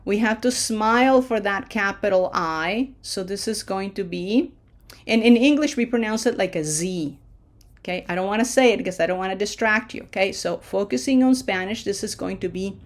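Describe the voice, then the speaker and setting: A woman teaching pronunciation in a slow lesson, drawing out each syllable and often checking in with "okay?". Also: medium pitch. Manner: drawn-out syllable-by-syllable modeling of words.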